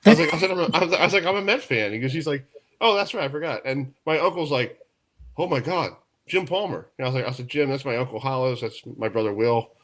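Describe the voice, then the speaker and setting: Animated man telling radio stories. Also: medium pitch, very fast, few pauses. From New York. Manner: storytelling, animated, laughs often. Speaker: radio sports talk host. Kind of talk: casual radio chat.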